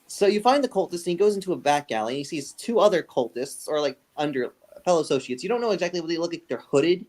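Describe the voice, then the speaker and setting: Guy dming a tabletop game, bit high voice, rambly, keeps correcting himself. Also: animated, quick pace, a little mellow. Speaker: game master.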